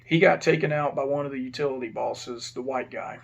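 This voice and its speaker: A man's voice: medium pitch, fairly quick, gravelly. A man who used to be a prison officer tells a rambling, plain-spoken story in a casual way and keeps correcting himself. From Texas.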